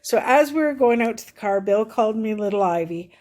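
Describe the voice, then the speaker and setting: A woman's voice: fairly high pitch, expressive, a little fast, hardly any pauses, darkish tone. A middle-aged woman, telling a personal story in a chatty, rambling way to a vlog audience. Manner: chatty, rambling retelling with many "I said". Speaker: vlogger. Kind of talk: casual storytelling.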